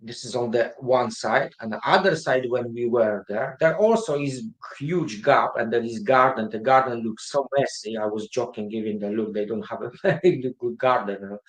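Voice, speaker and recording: Male guest, mid pitch, halting delivery with many fillers, roomy echo. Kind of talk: casual livestream chat.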